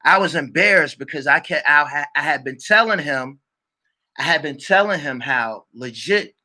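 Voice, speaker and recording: A man telling a heated personal story to his channel, swearing often and shouting when worked up. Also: on the high side, lively intonation, normal speed. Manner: repeats "you dig what I'm saying". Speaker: channel host. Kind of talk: storytelling vlog monologue.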